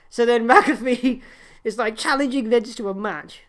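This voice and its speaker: A woman with a fairly high voice tears through a wrestling recap, swearing freely. Her storytelling is animated and ranting, and laughter keeps breaking through. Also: moderate pace, smooth. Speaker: podcast co-host.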